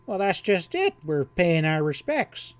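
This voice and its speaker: List: man playing a pudgy old cowpoke, worried, drawling, high voice, dry recording. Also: sing-song, normal speed, a little mellow, dry recording. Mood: dignified. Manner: worried, sarcastic.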